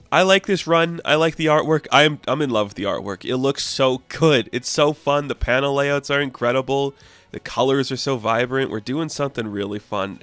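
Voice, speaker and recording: A man talking through a comic book review in an enthusiastic, chatty way, with quick plot recaps. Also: mid-range voice, fairly bright tone, no echo.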